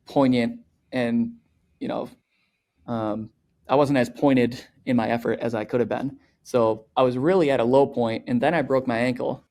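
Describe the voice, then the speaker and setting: A man's voice: medium pitch, darkish tone. A young man, a podcast guest, talking in a loose, rambling way and filling his sentences with "like" and "you know". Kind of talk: casual conversational storytelling.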